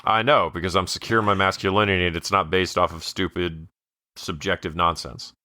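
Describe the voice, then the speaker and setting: A man's voice: deep voice, fairly even intonation, fairly quick, bright, forceful tone, dry recording. A man co-hosting a casual podcast, talking about a film in a dry, matter-of-fact way with many ums. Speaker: podcast co-host. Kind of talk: casual movie review chat.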